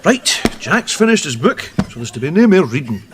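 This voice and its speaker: An actor playing a sarcastic, exasperated older Scottish pensioner who reads war books. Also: male voice, a little high, sing-song, normal speed, background noise.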